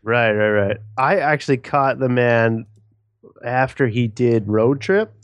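A man's voice: medium pitch, dry recording. A man co-hosting a podcast, chatting casually, laughing often and swearing. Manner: laughing, profane, quick impressions. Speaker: podcast co-host. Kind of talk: casual chat.

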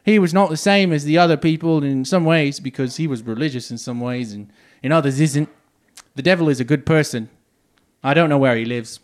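A man's voice: on the high side, unhurried, voice pushed up, close to an everyday voice. A man voicing a young working-class boy from the 1850s, reading his simple, earnest words in a raised voice.

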